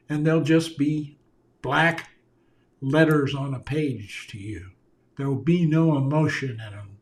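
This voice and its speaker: Slow, earnest man speaking to camera. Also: a little high. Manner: earnest, emphatic, repeats key phrases for stress. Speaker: communication consultant. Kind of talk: direct-to-camera video talk. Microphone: camera mic, speaking to viewers on video.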